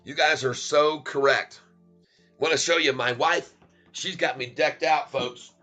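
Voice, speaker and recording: Slow, bright-voiced playful man. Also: on the high side, fairly even intonation, faint music behind. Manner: playful, laughs often, chants goofy rhymes. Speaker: stock trading streamer. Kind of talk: casual live trading commentary.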